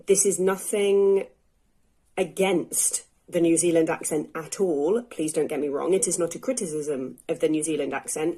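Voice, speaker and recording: A woman's voice: deep voice, darkish tone. A woman English teacher talking candidly in a casual, unscripted vlog at home, thinking aloud with fillers as she goes. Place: indoors at home.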